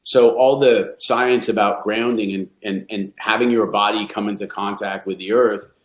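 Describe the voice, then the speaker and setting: A man's voice: lowish voice, steady tone, moderate pace. A middle-aged man, a golf coach, speaking candidly and reflectively in a podcast interview, often restarting his sentences. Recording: roomy echo.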